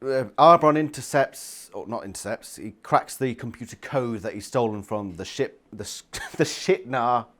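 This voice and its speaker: A man's voice: medium pitch, normal speed, few pauses, fairly bright tone. A young man giving a casual book review, ranting and swearing constantly in exasperation.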